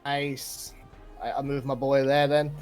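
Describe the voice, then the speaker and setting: A player in a tabletop game who talks casually, jokes, and gets excited by their moves. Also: medium pitch, measured pace, faint music behind. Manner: lively, excitable, joking.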